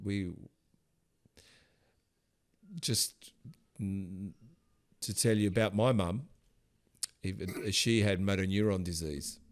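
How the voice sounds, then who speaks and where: A middle-aged man hosting a podcast interview, rambling and emotional, sometimes loud and animated. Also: low voice, takes it slowly, long pauses. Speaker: podcast host. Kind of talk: casual interview chat.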